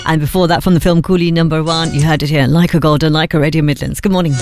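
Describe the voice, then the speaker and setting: A woman's voice: low voice, steady tone, fast, over music. A woman of Punjabi heritage hosting a breakfast radio show from a studio, chatting casually and slipping between English and Hindi. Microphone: studio microphone.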